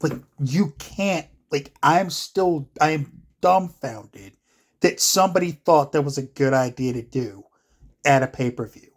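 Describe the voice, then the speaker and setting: Unhurried and on the high side, this vlogger's voice carries an exasperated, profanity-laced rant about wrestling delivered straight to camera. He rambles casually and leans on lots of filler words.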